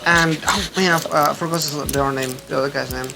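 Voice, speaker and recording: A man hosting a podcast, chatting casually about video games in an excitable, rambling way with lots of restarts. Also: a little high, fast, creaky, very noisy. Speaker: podcast host. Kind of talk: casual gaming chat.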